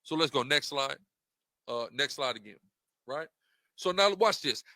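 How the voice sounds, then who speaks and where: A man's voice: medium pitch, expressive, a little slow, pushed and bright, no echo, studio quality. A man giving an impassioned, rhetorical monologue while walking through slides, repeating questions for emphasis. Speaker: religious debater presenting slides.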